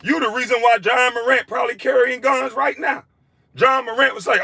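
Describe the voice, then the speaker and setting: A former athlete tears into a critic in a heated, profanity-filled rant. His voice sits high and cuts with a bright, sharp edge. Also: fairly even intonation, a little fast, vocal fry, husky, no room sound. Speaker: former pro basketball player. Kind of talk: angry video rant.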